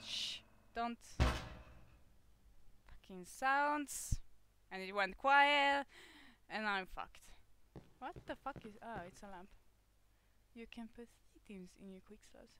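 A woman with a sore throat doing let's play commentary on a horror game, jumpy and swearing, switching between hushed muttering and loud outbursts. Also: fairly high pitch, takes it slowly, long pauses, a little hiss or hum. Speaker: gamer playing a horror game.

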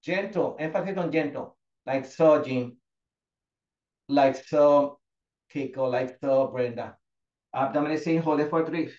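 A male fitness instructor leading a class, giving steady cues and encouraging students by name. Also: on the high side. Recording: echoey, dull lo-fi room sound.

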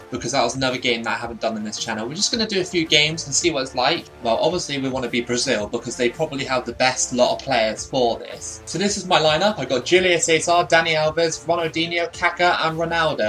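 Chatty young man commenting on gameplay. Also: a little high. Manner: chatty and self-deprecating, laughs often, bursts out excitedly at goals. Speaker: gaming YouTuber.

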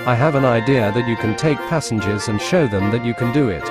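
A man's voice: medium pitch, fairly quick, loud music behind the voice, natural voice. A man doing an oily, scheming diesel. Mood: sly. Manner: oily, coaxing. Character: sly, scheming male diesel engine.

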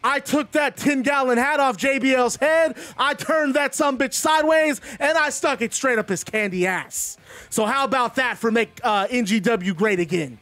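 A man's voice: extremely high pitch, moderate pace, a bit bright, no echo. A man playing a brash, cocky male wrestler who boasts and mocks. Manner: boastful, mocking.

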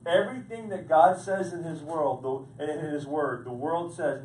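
A man preaching a sermon as pastor, repeating words as he builds to loud, urgent points. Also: fairly high pitch, expressive, a little slow, hardly any pauses, slight background noise. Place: church sanctuary. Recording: echoey room picked up from a distance.

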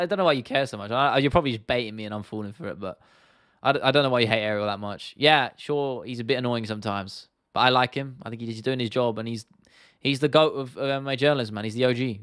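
A man hosts a casual livestream Q&A, answering chat questions in a loose, rambling and blunt way. His voice is mid-pitched and recorded close and dry. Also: a bit bright, no room sound. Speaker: host.

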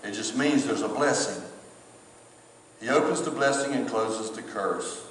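A man's voice: fairly low pitch, unhurried, fairly bright tone, a little hiss or hum. A male pastor, preaching a sermon in a conversational storytelling way with emphatic repetition. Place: church sanctuary. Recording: echoey church hall, distant mic.

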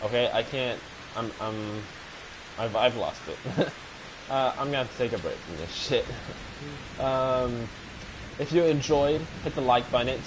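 A man's voice: mid-range voice, a little slow, pauses often, noisy background. A young man commenting on a horror game, panicky, swearing and repeating himself. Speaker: gaming video host.

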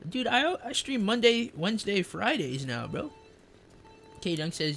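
A young man streaming a kart racing game, chatting in slang, joking, reading chat aloud and yelling at the game. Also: sits high, big pitch swings, measured pace, creaky. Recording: faint game music behind.

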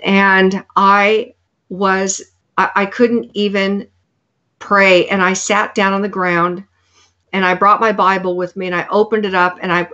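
Slow, earnest preaching woman. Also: medium pitch, bright, forceful tone. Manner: earnest, preaching, quotes scripture. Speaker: guest. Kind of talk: sermon-like testimony. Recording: dull lo-fi sound.

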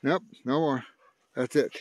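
A man's voice: mid-range voice, unhurried, no room sound. An older man talking casually to his dog, coaxing and teasing it with mild curses. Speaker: dog owner playing with his pet.

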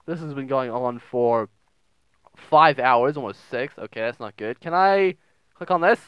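A man's voice: medium pitch, unhurried, smooth, dry recording. Brief: young male gamer, joking and crude, on a dry, slightly muffled home mic, reads texts in silly voices. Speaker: gaming video host. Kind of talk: casual let's play commentary.

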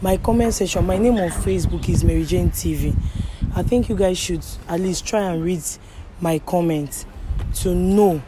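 Nigerian woman host, steady and low. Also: normal speed, noisy background. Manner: pleading, soothing, addresses viewers. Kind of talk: street prank interview.

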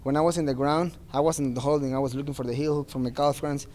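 A man's voice: medium pitch, steady tone, fast, a little mellow. A man speaking as a fighter at a post-fight press interview, earnest and plain-spoken, with non-native phrasing.

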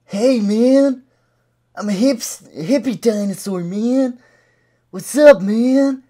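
A man voicing a brash, silly male T-rex puppet on a webcam video chat, gravelly and rowdy, shouting and making mouth noises. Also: very high-pitched, takes it slowly, full character voice. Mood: goofy.

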